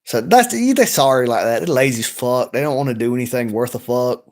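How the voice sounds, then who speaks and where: A man's voice: mid-range voice, expressive, fairly quick. A man ranting bluntly and rambling on a late-night livestream from home, swearing often. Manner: blunt, rambling, heavy profanity. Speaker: livestream host.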